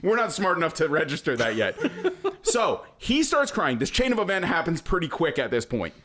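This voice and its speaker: A man's voice: a little high, normal speed. A man telling a story on a podcast in casual chat, laughing often and acting out the people in it. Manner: animated, laughs often, acts out quotes.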